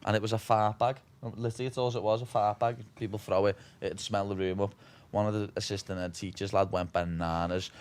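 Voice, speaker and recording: A man's voice: fairly low pitch, flat delivery, fairly quick, clean tone. A man in his twenties from Liverpool with a Scouse accent, telling stories in a casual interview, swearing freely and saying "lad" constantly. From Liverpool, England. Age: 20s. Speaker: guest, fighter.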